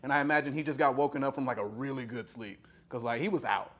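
A man's voice: mid-range voice, fairly even intonation, fast talker, a bit bright. A young adult man from Texas giving a sermon in a casual storytelling way, acting out quotes and using lots of fillers. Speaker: pastor.

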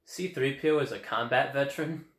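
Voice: mid-range voice, a little fast. A co-host in casual chat who drops dry, joking asides. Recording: echoey room.

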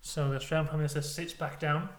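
A man co-hosting a podcast, telling an absurd comic story deadpan, dropping to a hush for suspense. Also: on the high side, fast. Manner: deadpan, builds suspense with hushed narration. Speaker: podcast co-host.

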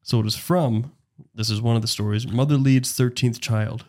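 A man's voice: mid-range voice, normal speed. Joking young man reading folklore. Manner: animated, joking storyteller. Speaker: podcast co-host. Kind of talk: casual chat and read-aloud folklore.

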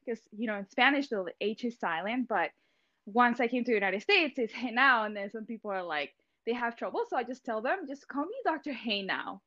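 A woman's voice: a little high, sharp tone, muffled recording. Chatty young woman from Venezuela. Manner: chatty, many fillers like "like" and "you know". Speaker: guest, ophthalmologist. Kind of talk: casual interview chat.

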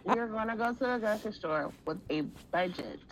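A woman co-hosting a podcast in casual chat, calm, dry and amused. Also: mid-range voice, brisk, a little hiss or hum, rough recording. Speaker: podcast co-host.

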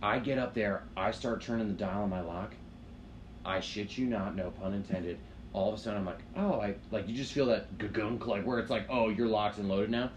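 On a podcast, a male co-host with a lowish voice tells a long, rambling story in casual chat, talking fairly quickly. He swears and leans heavily on "like" as a filler, and there's slight background noise.

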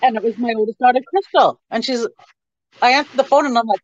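Halting middle-aged woman. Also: a little high, animated, dry recording, lo-fi sound. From Canada. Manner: hesitant, halting with many ums. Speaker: interview guest. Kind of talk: personal storytelling.

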